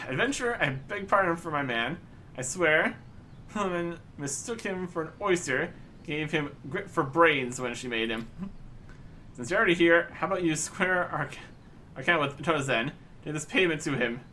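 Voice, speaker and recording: Dude doing a strict sea captain, stiff old-timey talk, kinda sharp and high. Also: male voice, animated, moderate pace, slight background noise. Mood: apologetic. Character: stern scolding male ship captain.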